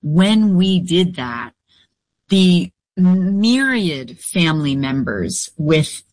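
A woman being interviewed, telling her story in a reflective, unhurried way. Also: on the low side, very animated, a little mellow, no room sound. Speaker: guest.

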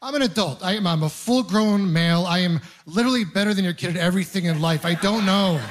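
A man's voice: high voice, quick pace. A man from Ontario performing a stand-up comedy routine, telling self-deprecating stories with punchy timing. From Ontario, Canada.

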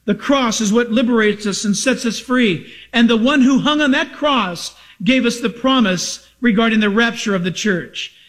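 Man, pastor, sermon, very high-pitched, emphatic, rhetorical questions, excited. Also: moderate pace, hardly any pauses. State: over-caffeinated, excited.

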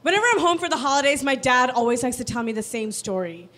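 A young woman from Virginia doing a stand-up comedy set, dry and sarcastic with quick asides. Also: sits high, animated, fairly bright tone. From Virginia, United States. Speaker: stand-up comic.

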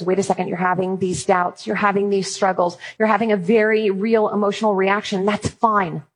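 Woman in her thirties, husky timbre, church speaker, animated and funny storyteller. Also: mid-range voice, rough recording. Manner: animated storytelling with playful humor. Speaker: Christian speaker on apologetics and parenting. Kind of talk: talk to an audience.

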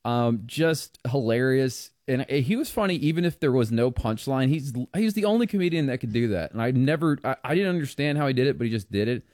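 A man's voice: medium pitch, expressive, fairly quick, hardly any pauses, a little mellow, no echo, clean studio sound. A man co-hosting a talk radio show, rambling and joking through casual political banter with lots of restarts.

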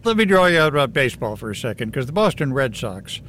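A man hosting a news radio show, asking questions in a relaxed, friendly way. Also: medium pitch, fast talker, slight background noise. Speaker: radio host.

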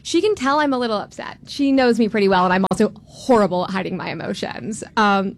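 A woman in her twenties from Florida, telling a personal story on stage in a candid, self-deprecating, animated way. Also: mid-range voice, fast talker, noisy background. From Tampa, Florida. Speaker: storyteller, law student.

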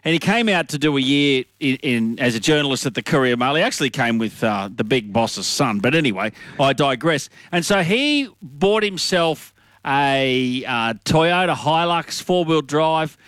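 A man co-hosting a radio show, telling an anecdote in a relaxed, laughing way. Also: medium pitch, normal speed, no echo. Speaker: radio co-host. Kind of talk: casual banter.

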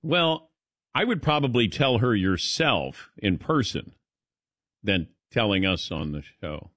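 A man's voice: fairly low pitch, expressive, slow, a bit bright, no echo, studio quality. A man hosting a sports radio show, joking and teasing his co-hosts in casual banter.

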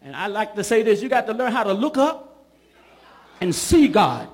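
A man, a bishop, preaching a sermon in church, calling for responses from the congregation and building up to shouts. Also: high voice, very animated, normal speed.

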